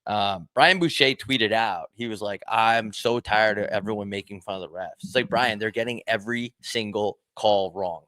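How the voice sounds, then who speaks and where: A man co-hosting a hockey call-in show, chatting casually, laughing and asking quick questions. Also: lowish voice, bright, forceful tone, dry recording. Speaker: podcast co-host. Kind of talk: casual chat.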